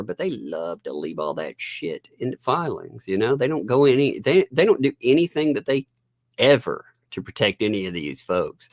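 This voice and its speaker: A sarcastic man hosting a live stream, chuckling constantly as he talks while fiddling with things on screen. His pitch swings widely and lively, and the recording sounds dry and close with no room echo. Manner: sarcastic, laughs often. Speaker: host.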